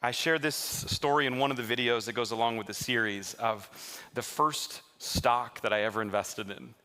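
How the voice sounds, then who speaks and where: A man preaching a sermon as a pastor to his live congregation in a church, telling stories in a lively way and teasing the listeners with jokes. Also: mid-range voice, moderate pace. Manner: lively, joking storyteller who teases the congregation.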